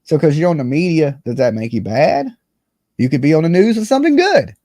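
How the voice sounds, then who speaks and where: A man's voice: on the high side, very animated, fairly quick, dark tone, no room sound. A man co-hosting a casual commentary show, blunt and exasperated, cursing often. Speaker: co-host.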